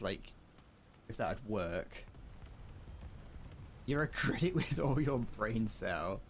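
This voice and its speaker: A man's voice: mid-range voice, a little hiss or hum. A man streaming a game, chatting casually, rambling and joking with viewers and swearing freely. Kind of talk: casual gameplay commentary.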